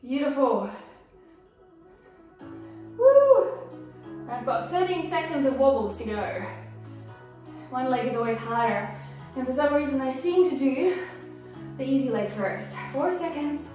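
A woman's voice: high voice, lively intonation, normal speed, darkish tone. A woman fitness instructor guiding a workout, encouraging and cueing moves and counting time. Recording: echoey room, mic far off, faint music.

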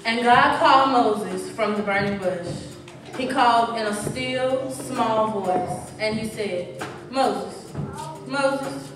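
Slow, measured woman reading in a church. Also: a little high, noisy background. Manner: slow, measured, preacher-like cadence. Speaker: reader. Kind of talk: dramatic reading of a sermon poem. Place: large church. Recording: echoey church from far off, music behind.

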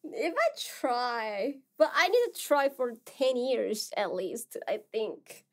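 A young woman with a Korean accent, a streamer chatting casually with her viewers, soft-spoken and halting, full of fillers and restarts. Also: fairly high pitch, animated.

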